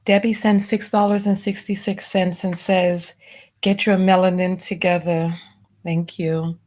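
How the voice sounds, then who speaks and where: A woman hosting a live stream, reading out viewer donation messages and softly thanking each one. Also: on the low side, little pitch movement, measured pace. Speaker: livestream host.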